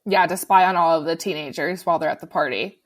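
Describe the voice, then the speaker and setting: A woman's voice: deep voice, fast. A woman co-hosting a podcast, eagerly retelling a horror film scene in casual chat. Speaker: podcast co-host.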